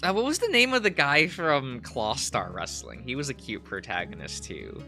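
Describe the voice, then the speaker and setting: A man's voice: medium pitch, very animated, normal speed, creaky, pushed and bright, soft background music. A man chatting casually on a stream while drawing, giggling often and rambling as he searches for words. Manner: giggly, laughs often between phrases.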